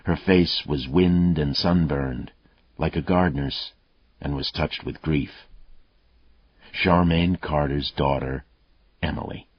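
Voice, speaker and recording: A man narrating an audiobook in a steady, even reading voice. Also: a bass voice, takes it slowly, long pauses, slightly rough, no room sound. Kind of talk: scripted narration. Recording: dull, muffled dry audio.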